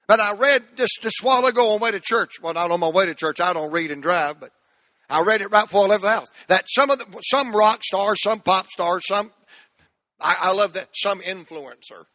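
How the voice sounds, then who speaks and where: Preacher guy, high voice, takes his time, dry close sound, gets loud on the big lines. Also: brisk, no echo. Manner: call-and-response preaching, rising to shouts. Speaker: pastor. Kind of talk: sermon.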